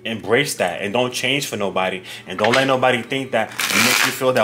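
A man giving a casual tarot card reading to his viewers, talking straight to them in a slangy, animated way. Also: medium pitch, moderate pace, few pauses, noisy background. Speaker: tarot reader.

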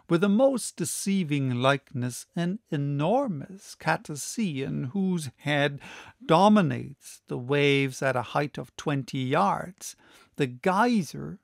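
A male audiobook narrator reads in a slow, deliberate way with a gravelly edge to his slightly raised voice. The sound is dry and close. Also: a little high, no echo. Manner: measured, deliberate reading.

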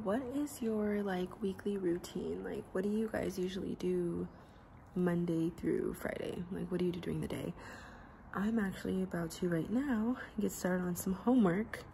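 A woman's voice: medium pitch, moderate pace, vocal fry, dark tone. Woman rambling thru a home vlog, lots of "like", echoey room, noisy background. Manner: rambling, chatty, heavy use of "like". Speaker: vlogger. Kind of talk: casual vlog chat. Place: home bedroom.

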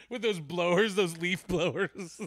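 A man's voice: high-pitched, fairly bright tone, no room sound. A man co-hosting a podcast in casual chat, laughing often and chiming in with short agreements. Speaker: podcast co-host.

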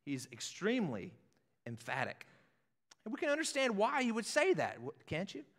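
Male pastor, lively conversational sermon, higher voice, echoing sanctuary. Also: normal speed. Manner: animated, acts out scripture scenes, conversational. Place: church sanctuary with balcony. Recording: echoey church hall.

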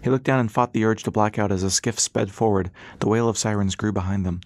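A man narrating an audiobook in a brisk, steady storytelling manner. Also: lowish voice, no room sound. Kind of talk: scripted narration.

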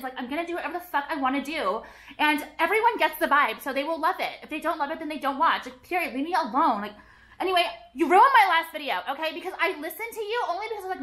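A woman's voice: high voice, sing-song, pushed and bright. A woman vlogging at home, chatting to camera in a dramatic, profane rant full of "like". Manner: fast, profane, dramatic rants with constant "like". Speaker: beauty vlogger. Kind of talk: casual chat to camera.

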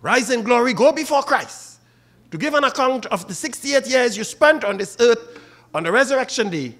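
A man's voice: very high-pitched, lively intonation, normal speed, fairly bright tone. A man with a Trinidadian accent preaching a funeral sermon and calling out to the mourners by name. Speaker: officiating minister at a funeral.

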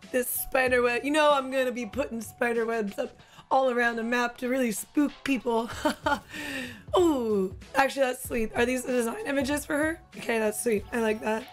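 A young woman who has partly lost her voice, gushing through an excited reaction to new game content. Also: sits high. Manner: gushing, excitable, quick exclamations. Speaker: gaming YouTuber and streamer. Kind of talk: excited gameplay reaction commentary.

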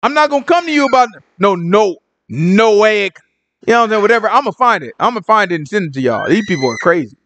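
Animated man with street slang. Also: high voice, quick pace. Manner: street slang, repeats "you know what I'm saying"; animated and joking. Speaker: Bible teacher. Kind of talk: casual Bible study commentary.

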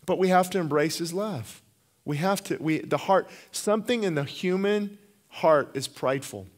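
A man's voice: sits high, normal speed. Impassioned middle-aged man preaching. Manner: impassioned, repeats words and restarts. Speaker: pastor. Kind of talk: sermon.

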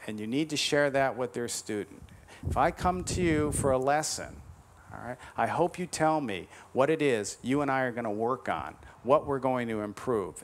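A man giving a motivational lecture to golf teachers, emphatic, slowing on key advice and tagging his points with "all right?". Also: mid-range voice, a little hiss or hum. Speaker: conference speaker to golf teachers.

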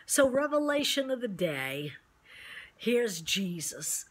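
Bright-voiced woman preacher, slow and earnest. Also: on the high side, lively intonation. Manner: earnest, encouraging, direct address. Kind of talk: devotional sermon.

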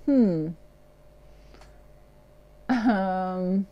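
A woman's voice: mid-range voice, lively intonation, takes it slowly, dark tone, no room sound, dull audio. A woman giving a casual tarot reading in a playful way, often slipping into bits of song. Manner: playful, breaks into snatches of song and laughs. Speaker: tarot card reader.

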